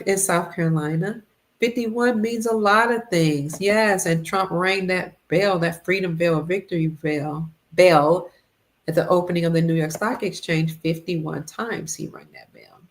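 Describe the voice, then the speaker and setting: A woman hosting a casual livestream, greeting viewers by name and reading their comments, a little congested. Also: fairly low pitch. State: congested, fasting. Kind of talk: casual live-stream chat.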